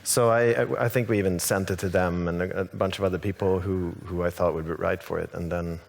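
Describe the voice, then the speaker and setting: Low-voiced man talking in a hall. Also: steady tone, fairly quick, gravelly. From Sweden. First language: Swedish. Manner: hesitant, rambling, many restarts and fillers. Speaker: songwriter guest. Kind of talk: casual stage interview. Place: large hall on stage.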